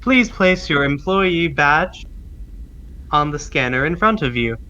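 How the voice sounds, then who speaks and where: A man's voice: on the high side, expressive, measured pace, sharp tone, dull audio, slight background noise. A man voicing a polite AI receptionist. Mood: prompting. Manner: formal, scripted announcement. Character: polite automated male AI building receptionist.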